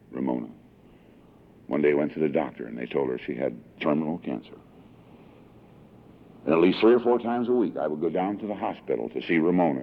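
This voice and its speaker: A deep, gravelly male voice tells a heartfelt personal testimony at a recovery meeting, swelling with emotion. The speaker is a Southern Californian in his sixties, heard on a tinny, lo-fi 1982 archive tape.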